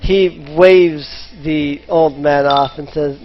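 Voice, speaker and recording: Slow, hesitant male game master. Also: a little high, steady tone. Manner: hesitant, lots of ums and restarts. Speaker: dungeon master. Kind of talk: narrating a tabletop game. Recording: slightly muffled voice chat.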